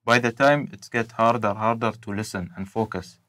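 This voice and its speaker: A young man, a university student, giving tips in non-native English, pausing often with "uh". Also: fairly low pitch, pushed and bright, no echo. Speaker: university student, interview guest. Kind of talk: casual interview.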